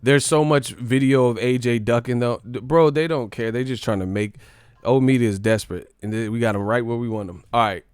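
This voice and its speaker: A man's voice: medium pitch, a little fast, clean tone, no room sound. Slangy young man streaming boxing talk. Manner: loose, joking, slangy, talks to chat. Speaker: live stream host. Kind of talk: casual live stream commentary.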